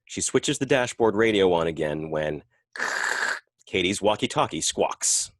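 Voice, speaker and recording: A male narrator with a very deep voice tells the story in a calm, measured way. The sound is close and dry. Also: no echo. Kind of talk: scripted narration.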